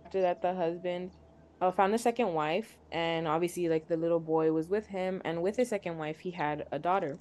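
A woman's voice: on the low side, brisk, darkish tone. A young woman, co-host of a podcast, casually retelling a tale with lots of filler words. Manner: chatty, filler-heavy retelling. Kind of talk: casual storytelling.

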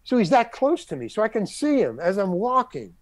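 A man's voice: high voice, fairly quick, no room sound. An older man, a guest actor, telling a long anecdote and acting out the other people's lines. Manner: animated, acts out other people's lines in the story. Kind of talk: anecdotal storytelling.

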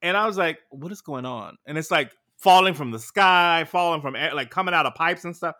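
A man dishes in casual podcast chat with a sassy, animated delivery. His voice is bright and forceful and sits a little high. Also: fairly quick. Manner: sassy and animated, calling people heifers. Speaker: podcast co-host.

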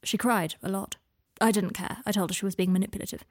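A woman reading aloud, voicing a tender fatherly man who speaks softly and openly. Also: fairly even intonation, fast talker, natural voice. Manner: soft, low-key, confiding. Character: gentle male parental figure, tender and open.

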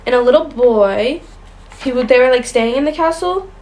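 A woman's voice: high voice, expressive, moderate pace, darkish tone, a little hiss or hum, low-quality recording. A young woman co-hosting a casual chat show, reading ghost stories aloud and stumbling over words now and then. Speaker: podcast co-host.

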